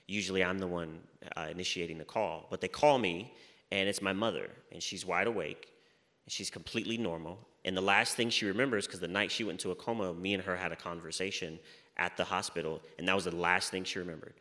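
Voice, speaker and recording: Man, very deep voice, bright edge, earnest, long reverb. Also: fairly even intonation, fast. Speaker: guest sharing a testimony. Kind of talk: casual faith talk.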